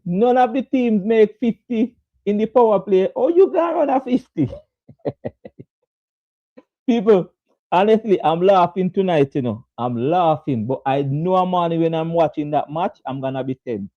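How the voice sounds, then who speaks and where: Laughing Jamaican man, high voice. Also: expressive, moderate pace, no echo. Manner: laughing often, greeting viewers by name. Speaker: host. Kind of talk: casual live-stream cricket chat. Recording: dull lo-fi dry sound.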